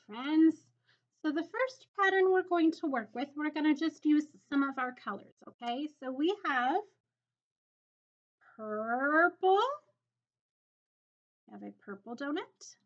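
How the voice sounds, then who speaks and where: A woman teacher giving a slow, encouraging video lesson to young children, in a singsong way. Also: high-pitched, muffled recording.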